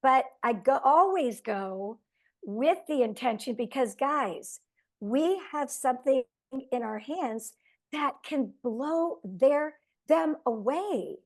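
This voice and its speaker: A woman's voice: high voice, animated, slow. A woman sharing tips on a coaching team call over a video link, earnest and self-deprecating.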